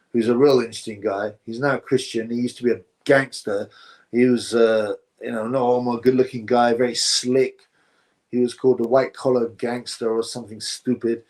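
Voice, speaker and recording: A man's voice: mid-range voice, a little mellow. Rambling man chatting on a live stream. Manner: rambling, drifts between topics, says "bro" often. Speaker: livestream host reading chat. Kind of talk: casual live-stream chat.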